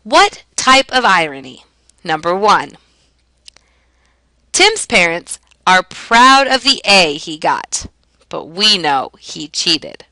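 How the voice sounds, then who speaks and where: A woman teacher explaining a lesson in a clear, emphatic way, asking and answering her own questions. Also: lowish voice, sing-song, slow, sharp tone, no echo, rough recording. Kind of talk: classroom lesson narration.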